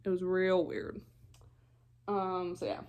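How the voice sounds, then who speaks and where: A woman's voice: lowish voice, little pitch movement, takes it slowly, darkish tone, smooth, muffled recording. Chatty young woman recapping a show. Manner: rambling, chatty, interrupts herself often. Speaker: vlogger.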